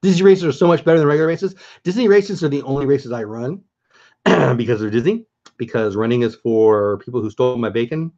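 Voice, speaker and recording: A man's voice: mid-range voice, expressive, fairly quick, a little mellow, highs cut off. A man hosting a casual livestream, chatting enthusiastically and greeting viewers by name as he talks.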